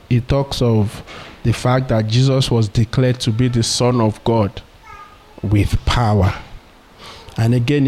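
A man's voice: mid-range voice, a little mellow, a little hiss or hum. A man preaching a sermon earnestly, asking rhetorical questions and retelling stories.

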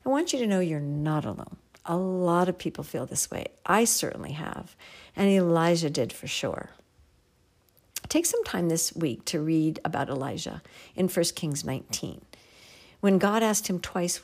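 A woman giving a devotional Bible teaching in a gentle, earnest way, sometimes dropping to a near whisper for emphasis. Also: on the low side, animated, measured pace.

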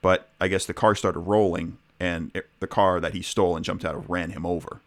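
A man's voice: low voice, steady tone, brisk. A man co-hosting a podcast, telling stories in a wry, joking casual chat. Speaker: podcast co-host.

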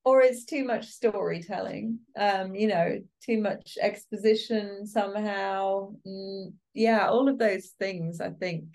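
Animated woman casting director, chatty. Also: mid-range voice, slow, hardly any pauses. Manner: animated, laughs often, acts out quoted reactions. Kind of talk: interview guest, casual conversation.

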